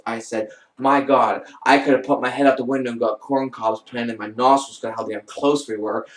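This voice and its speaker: A young man telling rambling personal stories in a casual, animated way. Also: distant mic. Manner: rambling, animated, mimics others in high voices. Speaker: vlogger. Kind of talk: casual storytelling. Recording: roomy echo, off-mic.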